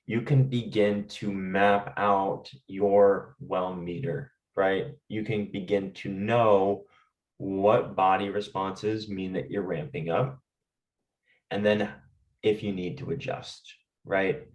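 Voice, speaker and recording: Calm low-voiced man teaching stress relief. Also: slow, roomy sound, far from the mic, rough recording. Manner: calm, talks directly to listeners with fillers and "right?". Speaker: stress management instructor. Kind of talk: guided lesson with breathing exercises.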